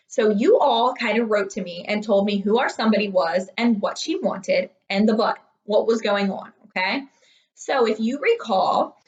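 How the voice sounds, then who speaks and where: A woman's voice: mid-range voice, lo-fi sound. A young woman teaching third graders in an upbeat, encouraging recorded online lesson. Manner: upbeat, encouraging, talks to children.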